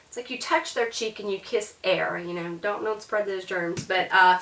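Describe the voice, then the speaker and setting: A woman's voice: medium pitch, normal speed, a bit bright, slight background noise. A woman teaching a beginner French lesson, explaining step by step with demonstrations. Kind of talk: casual classroom lesson. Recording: roomy echo, voice from a distance.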